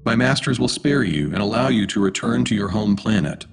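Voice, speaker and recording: Alien envoy with a machine-like delivery, low and gravelly, formal threats; a man voicing it. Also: fairly quick. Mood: coldly menacing. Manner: flat, menacing, formal. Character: cold robotic alien messenger voice.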